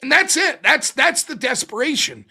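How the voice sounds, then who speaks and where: A man hosting a live-streamed political commentary show, ranting in an exasperated, animated and profane way. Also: very high voice, moderate pace, vocal fry. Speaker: livestream political commentary host.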